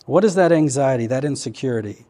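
A man's voice: mid-range voice, expressive, fast talker, mellow. Earnest male pastor preaching a sermon. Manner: conversational, earnest preaching with repeated questions. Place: church.

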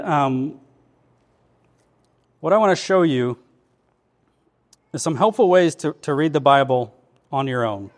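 A man preaching a sermon as pastor to his church, in an earnest, conversational way with many questions to the listeners. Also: on the high side.

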